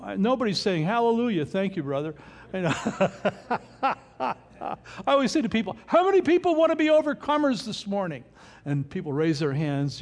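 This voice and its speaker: A man's voice: high-pitched, in a large hall. A man preaching a sermon, reading scripture verse by verse and asking rhetorical questions. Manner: expressive, rhetorical questions, reads scripture aloud. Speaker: pastor.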